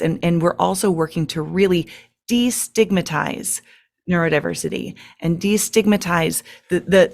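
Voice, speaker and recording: A woman giving a presentation to a meeting as guest speaker, chatty, with many fillers and short laughs. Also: on the low side.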